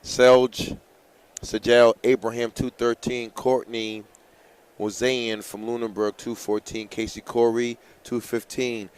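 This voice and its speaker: A man's voice: medium pitch, slow, clear, resonant tone. A man announcing a live track meet, hyping runners, reading out heats and giving coaching tips. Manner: excitable, hypes runners and gives coaching tips. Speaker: race announcer.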